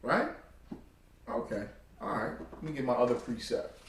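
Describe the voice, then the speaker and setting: A man preaching a street-style sermon, emphatic and full of slang and rhetorical questions, at times rising to a loud exhortation. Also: medium pitch, sing-song, normal speed, slight background noise. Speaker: preacher teaching a religious group. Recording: echoey room, far from the mic.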